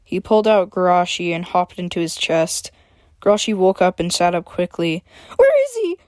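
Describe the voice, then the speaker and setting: A woman's voice: lowish voice, steady tone, moderate pace, smooth, dry recording, clean studio sound. A woman reading her own story aloud, after a chatty introduction with fillers.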